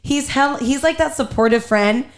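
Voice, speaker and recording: A young woman hosting a podcast, telling a family story in a casual, animated way and swearing freely. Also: sits high, moderate pace. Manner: animated, profane storyteller, quotes herself and others. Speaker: podcast host.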